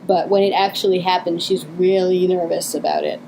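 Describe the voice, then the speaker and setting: Woman co-host, enthusiastic fan chat, halting and chatty, faint room hum behind. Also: on the low side, little pitch movement, mellow, low-quality recording. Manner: chatty, many fillers and restarts, giggly. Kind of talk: casual podcast commentary.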